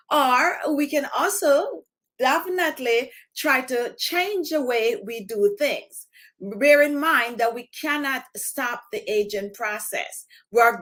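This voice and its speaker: A woman's voice: sits high, a bit bright. A woman hosting a live skincare stream from home, chatting directly to her viewers. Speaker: skincare channel host.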